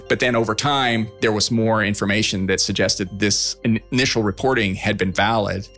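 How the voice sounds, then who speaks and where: A man's voice: on the low side, moderate pace, few pauses, a bit bright, faint music behind. A man giving a plain, conversational explanation in an interview, with a few restarts. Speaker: former intelligence officer interviewee.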